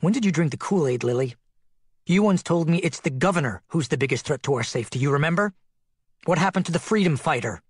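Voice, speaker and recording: A man's voice: mid-range voice, animated, moderate pace, breathy edge, no echo, studio quality. A man playing a sardonic skeptical doctor. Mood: heated. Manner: sardonic, cutting. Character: skeptical sardonic middle-aged male doctor.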